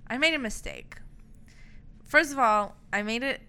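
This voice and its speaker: A woman's voice: on the high side, measured pace, bright, forceful tone, clear, resonant tone. A young woman co-hosting a casual podcast, teasing and joking. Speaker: podcast co-host. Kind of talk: casual chat.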